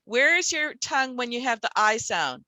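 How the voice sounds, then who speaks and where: A woman giving a workshop for literacy teachers, sounding out words slowly as she demonstrates. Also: a little high, big pitch swings, bright, forceful tone, no echo. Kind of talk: workshop presentation.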